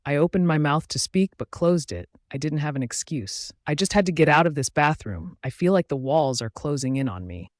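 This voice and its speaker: A man's voice: a little high, lively intonation, a little fast, hardly any pauses, no echo. Man reading an audiobook, dry and close. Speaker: audiobook narrator. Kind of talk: first-person audiobook narration.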